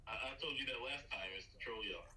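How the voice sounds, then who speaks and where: Male caller, Los Angeles accent, quick and stammering, heard distantly. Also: medium pitch, sharp tone. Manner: hesitant, stammering. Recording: distant call-in audio.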